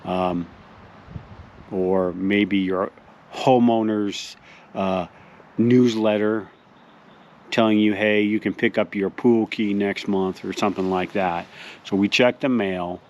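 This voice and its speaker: A man hosting a mock-serious tutorial outdoors, explaining things deadpan as if to kids. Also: lowish voice, slow, pauses often, highs cut off. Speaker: host. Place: outdoors in a front yard by a mailbox.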